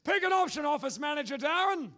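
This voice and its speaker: Aussie guy running a live comedy game show, high voice bouncing all over, loud and playful with the crowd. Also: lively intonation, fast. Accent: Australian. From Australia. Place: live convention stage with audience.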